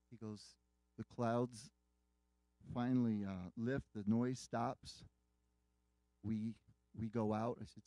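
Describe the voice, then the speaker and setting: A man's voice: on the low side, mellow, dry recording. A man preaching a sermon, earnestly retelling a dramatic story with quoted dialogue.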